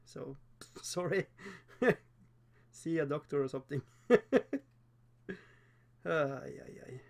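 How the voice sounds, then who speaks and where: A Norwegian-accented man hosts a relaxed livestream while he paints miniatures, and English is not his first language. His voice sits a little high and carries a rough, gravelly edge. He chats loosely and pokes fun at himself, with frequent laughs and halting fillers. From Norway. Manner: chatty, self-deprecating, laughs often, halting with fillers.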